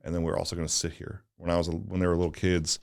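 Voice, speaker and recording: Low-pitched and level, this man races along with vocal fry. As a guest on a casual interview podcast, the St. Louis-area donut shop owner shares personal stories in an earnest, meandering way, leaning heavily on "like" and "right?".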